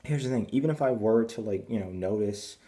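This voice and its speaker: Mumbling young man ranting, mellow low voice. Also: brisk. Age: 20s. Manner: crude, rambling, full of fillers and restarts; keeps voice down early in the morning. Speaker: vlogger. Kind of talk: rambling rant to camera. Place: at home indoors.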